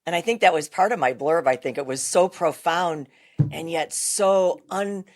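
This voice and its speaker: Low-voiced woman podcast host. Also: normal speed, darkish tone. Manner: earnest and reflective, thinking aloud. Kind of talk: casual podcast conversation.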